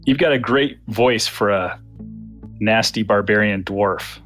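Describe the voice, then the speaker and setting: A man's voice: lowish voice, unhurried, faint music behind. An American man, a player talking politely and hesitantly, with lots of fillers and restarts. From United States. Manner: polite and hesitant, full of fillers, trailing off quietly. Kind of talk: casual chat between game sessions.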